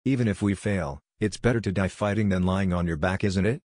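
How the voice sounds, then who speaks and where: A man reads fan fiction aloud as an audiobook, voicing an earnest, confident young ninja leader with a kind, persuasive manner. His voice sits very low, a little fast and a little mellow, and the dry recording sounds close.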